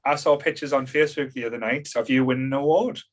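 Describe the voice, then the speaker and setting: A man's voice: mid-range voice, fairly even intonation, fast. A man hosting a podcast in casual chat, rambling with fillers and restarts and laughing easily. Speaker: podcast host.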